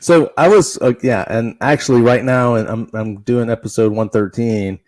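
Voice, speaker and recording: A man's voice: mid-range voice, normal speed, darkish tone, no room sound. A man who runs his own dash cam show, chatting casually and explaining gear step by step in a matter-of-fact way. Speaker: fellow dash cam channel host. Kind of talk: casual chat.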